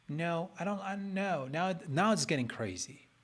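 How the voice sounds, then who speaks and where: A man with a somewhat high, slightly bright voice streams his design work. He chats casually and playfully, thinking aloud and talking to his screen.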